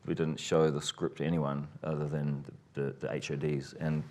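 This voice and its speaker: A man answering interview questions as a filmmaker, relaxed and rambling, often restarting his sentences. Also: a bass voice, normal speed. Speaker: filmmaker guest.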